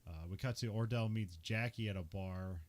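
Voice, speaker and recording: A man's voice: lowish voice, moderate pace. A young man hosting a podcast, casually recapping a film with lots of filler words and laughs. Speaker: podcast host. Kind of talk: casual movie recap chat.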